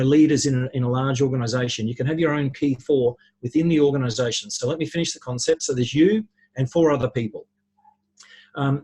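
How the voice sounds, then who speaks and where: A man, a podcast guest, explaining ideas with lively anecdotes and worked examples. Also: mid-range voice, slightly rough. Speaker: podcast guest, relationships speaker. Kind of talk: conversational storytelling.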